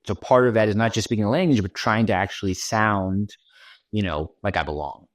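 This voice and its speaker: A man's voice: lowish voice, fairly quick, no echo. A man from Washington D.C. talking through his thoughts in a podcast interview, often checking in with "right?". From Washington D.C., United States. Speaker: guest content creator.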